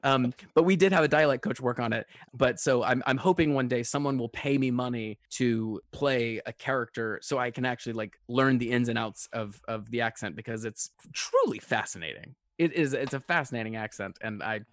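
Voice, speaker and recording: Man, podcast guest, lively storyteller, dry close sound. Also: mid-range voice, fairly quick, hardly any pauses, no room sound. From American South. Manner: animated storyteller, acts out quotes. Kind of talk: casual chat.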